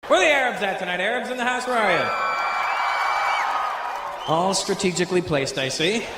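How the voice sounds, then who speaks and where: Stand-up comedian, male, slightly high voice, punchy crowd work, roomy hall with a loud audience. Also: a little fast. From Canada. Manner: loud, teasing, punchy delivery with comic voices. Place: large theater stage. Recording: echoey live venue with loud crowd noise.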